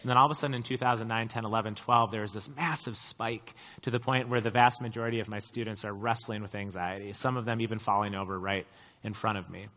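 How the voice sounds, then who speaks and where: A man's voice: lowish voice, fairly even intonation, quick pace, pushed and bright. A middle-aged man preaching a sermon, telling stories in a casual, conversational way with self-deprecating humor. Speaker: pastor. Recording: long hall reverb.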